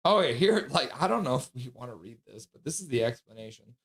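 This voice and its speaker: A man's voice: medium pitch, sing-song, quick pace, fairly bright tone. A man hosting a casual livestream, chatty and sassy, reading out donations and sleep-deprived. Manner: sassy, joking. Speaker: livestream host.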